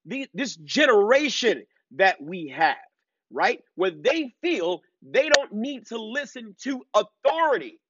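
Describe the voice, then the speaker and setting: A man's voice: sits high, sing-song, very noisy. Emphatic man in his thirties, lo-fi. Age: 30s. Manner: emphatic, drawn-out preaching cadence with many fillers and repeated "okay?". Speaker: instructor hosting a live lecture. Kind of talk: live-streamed commentary lecture. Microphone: laptop. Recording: dull lo-fi and dry.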